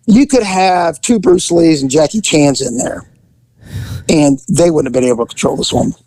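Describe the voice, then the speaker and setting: A middle-aged man telling a story in casual chat, acting out voices with big jumps in pitch. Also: expressive, normal speed, dark tone, no echo, low-quality recording.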